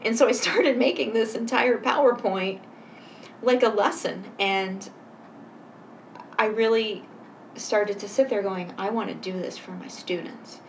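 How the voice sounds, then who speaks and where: A woman guest telling her personal story in a conversation, earnest and halting, pausing to reflect. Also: mid-range voice, gravelly. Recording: voice a bit far from mic, faint noise.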